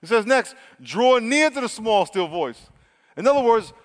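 A man's voice: extremely high pitch, moderate pace. Preaching man in a reverberant hall. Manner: energetic, swings from loud to hushed. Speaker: pastor. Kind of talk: sermon.

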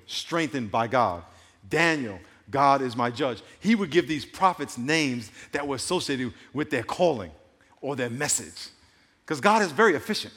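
A pastor from New York preaching a sermon, swinging between hushed asides and emphatic outbursts, and slowing down to stress scripture readings. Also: male voice, mid-range voice. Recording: long reverb of a large hall.

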